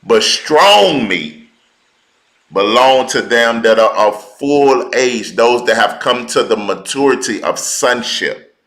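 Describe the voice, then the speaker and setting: A man teaching a sermon at a slow, deliberate pace, his voice bright and a little low. He repeats key words for emphasis and speaks in a loose, colloquial way. The room gives his voice a roomy echo. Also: lively intonation. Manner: informal colloquial speech. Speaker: preacher.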